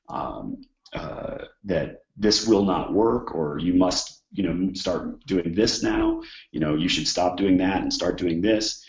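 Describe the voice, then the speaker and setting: A man's voice: deep voice, slow pace, creaky, echoey room, dull audio. A man with a cold, explaining contract and scheduling points in an informal lecture, with plenty of "uh" and "um" along the way. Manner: conversational, many fillers and restarts. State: hoarse from a cold. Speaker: instructor. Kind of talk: informal exam-prep lecture.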